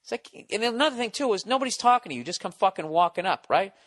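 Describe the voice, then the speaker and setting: Male comic guest, bright forceful delivery, animated and foul-mouthed storytelling. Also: high voice, quick pace. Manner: animated, profane and blunt. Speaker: comedian guest on a podcast.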